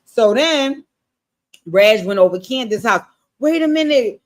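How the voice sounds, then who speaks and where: A woman giving a casual recap of a TV episode, animated and blunt, swearing freely and talking straight to her viewers. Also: on the high side, unhurried. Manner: animated, blunt and profane, addressing viewers directly. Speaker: TV show recap streamer. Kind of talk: casual show recap commentary.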